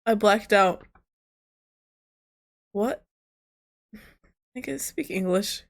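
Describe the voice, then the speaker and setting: A woman with a medium-pitched voice streams herself reading a visual novel. Her delivery is expressive, jumping from calm reading into loud squealing and laughing, while her asides are casual and laced with curses.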